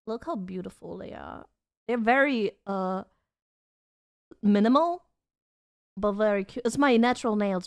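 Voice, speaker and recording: A bubbly young woman with a high, bright voice chats casually on a live stream, giggling often and reacting to her viewers. She sits at her home desk and talks straight into a desk mic. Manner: bubbly, giggly, reads chat aloud. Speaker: vtuber streamer.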